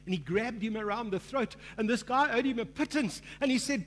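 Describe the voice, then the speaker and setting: A man's voice: extremely high pitch, fairly quick, few pauses, a bit bright. A male pastor preaching a sermon with growing fervor, acting out the voices in a parable he tells. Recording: long hall reverb, faint mains hum.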